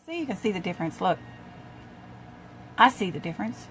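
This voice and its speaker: Very animated and a little fast, an older woman with a medium-pitched, fairly bright voice chats to viewers while applying makeup for her tutorial. She coughs now and then from a tickle in her throat, and the audio carries a little hiss or hum.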